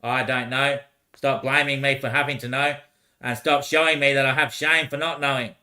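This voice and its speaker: A young man rambling in casual talk, swearing, laughing often and repeating short phrases over and over before trailing off into quiet mutters. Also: mid-range voice, fairly even intonation, normal speed.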